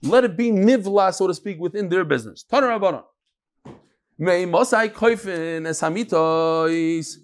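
Speaking at a moderate pace with a voice that sits high, this man teaches a daily Talmud lesson. He explains the passage plainly, mixes in Hebrew and Yiddish study vocabulary, and performs the back-and-forth dialogue.

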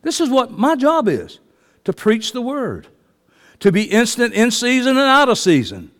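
A high-voiced preacher in his fifties delivers a fiery sermon, dropping to soft asides and then rising to shouts. His voice rings out with the long reverb of a church hall. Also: wildly swooping pitch, normal speed. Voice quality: passionate, swings from soft to shouting. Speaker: pastor. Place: church sanctuary.

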